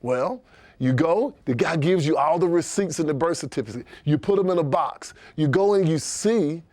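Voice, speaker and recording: Energetic man teaching sales technique. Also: a little high, normal speed, no echo. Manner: energetic, acts out customer dialogue in animated voices. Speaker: sales trainer. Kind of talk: instructional sales training talk.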